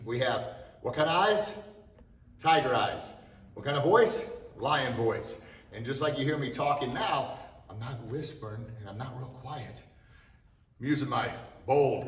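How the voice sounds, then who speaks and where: A man teaching a beginner martial arts class, demonstrating the moves and counting the reps aloud. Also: mid-range voice. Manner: energetic coaching, counting aloud in Korean. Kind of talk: instructional video lesson. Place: martial arts training hall. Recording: echoey room, mic at a distance.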